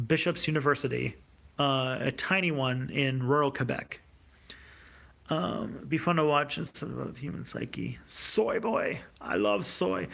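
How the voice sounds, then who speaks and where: Male streamer, gravelly voice, casual unscripted Q&A, hesitant and halting. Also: mid-range voice, a bit bright. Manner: hesitant, many fillers and restarts. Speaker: YouTube host. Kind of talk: livestream Q&A reading viewer questions.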